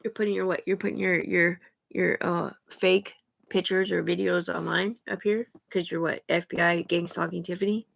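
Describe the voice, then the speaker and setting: A woman's voice: fairly low pitch, level tone, normal speed, gravelly. A woman talking alone on a live stream in a rambling, profane, agitated way, jumping from thought to thought.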